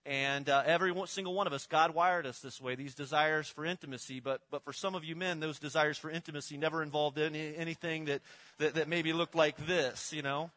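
Middle-aged male pastor, bright forward tone, casual sermon delivery with lots of restarts. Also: on the high side, fairly even intonation, brisk. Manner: conversational, repeats words and restarts, uses props.

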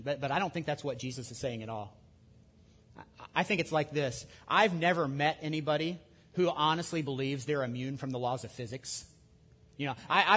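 A man preaching a sermon in a conversational way, with lively asides and restarts. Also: medium pitch, breathy edge. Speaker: pastor.

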